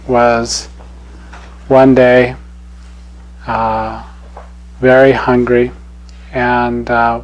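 Chuckling softly and taking his time, a man recounts a parable as a teacher giving a spiritual talk. He speaks in a mid-range voice over a rough recording.

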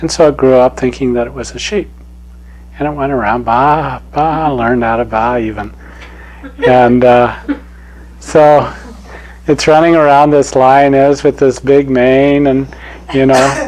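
A man giving a spiritual talk as a teacher, telling a parable in an unhurried, gently chuckling way. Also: mid-range voice, fairly even intonation, rough recording.

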